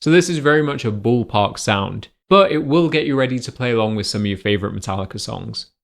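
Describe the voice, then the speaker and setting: A man at a mid-range pitch walks through guitar settings in clear, step-by-step narration. He sounds like a guitar teacher reading a prepared tutorial, with guitar heard around his voice. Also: expressive, fast talker.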